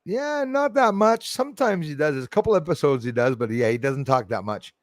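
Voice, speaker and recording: A man's voice: a little high, lively intonation, fairly quick, dry recording, studio quality. A man chatting casually on his livestream, laughing often and reading out viewer names. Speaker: livestream host.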